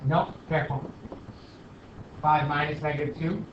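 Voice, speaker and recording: A man's voice: fairly high pitch, fairly even intonation, moderate pace, far from the mic, background noise. A man teaching a math class, questioning students and joking as a self-declared stickler. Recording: roomy, dull, from across the room.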